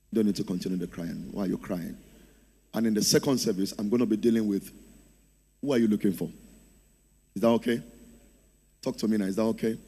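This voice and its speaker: A man's voice: fairly low pitch, fairly quick, creaky, pauses often, warm tone, husky. A man preaching a sermon in church, calling on the congregation to answer him and repeat after him. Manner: preaching, urging the congregation to respond. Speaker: pastor. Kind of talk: sermon with call-and-response. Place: church service.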